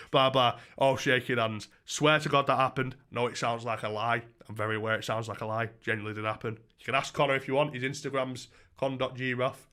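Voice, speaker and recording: A man's voice: medium pitch, fairly even intonation, quick pace, few pauses, sharp tone. A young man, rambling through a story in casual, swearing chat on his livestream.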